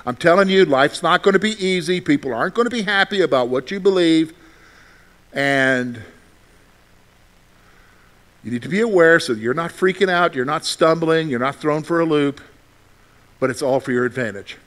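A man preaching a sermon to his congregation, asking rhetorical questions and answering them himself, moving between loud emphasis and quiet, confiding asides. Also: on the high side, normal speed, pauses often. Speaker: pastor.

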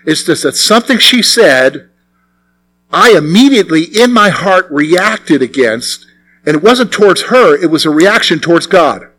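An older man, a pastor, delivers an earnest sermon in a slightly high, expressive voice at a somewhat slow pace. He repeats phrases for emphasis and moves between hushed and forceful delivery.

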